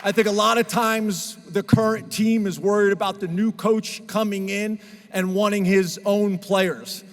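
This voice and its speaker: A man's voice: high voice, fairly even intonation, a little slow, slight background noise. A man speaking as a head football coach at a press conference, talking in an earnest and emotional way. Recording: reverberant hall sound.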